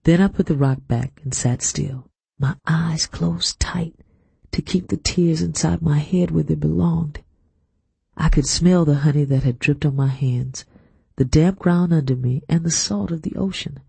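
Gravelly, husky male audiobook narrator. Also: on the high side, moderate pace, dark tone, no room sound. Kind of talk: scripted narration.

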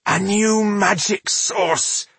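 Man doing a young female magic apprentice, defiant, raised high-pitched voice, husky, dry close audiobook sound. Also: animated, normal speed, no echo.

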